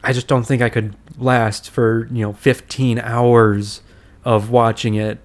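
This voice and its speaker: A man's voice: mid-range voice, level tone, a little slow. A young man co-hosting a casual movie podcast, easygoing, often stumbling and restarting his sentences. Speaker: podcast co-host, works at a movie theater. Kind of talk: casual movie review chat.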